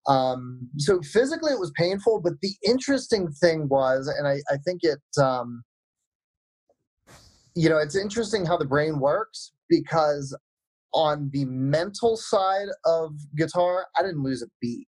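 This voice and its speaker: Male guest musician, measured and reflective, dry recording. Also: on the high side, expressive, no room sound, poor audio. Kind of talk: casual interview answers.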